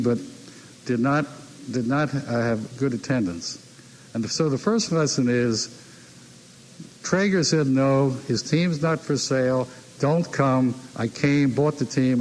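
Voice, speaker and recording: A man's voice: mid-range voice, darkish tone, a little hiss or hum, poor audio. An older man telling anecdotes about buying sports teams, repeating key phrases and acting out the people he quotes. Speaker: team owner telling stories. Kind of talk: anecdotal speech.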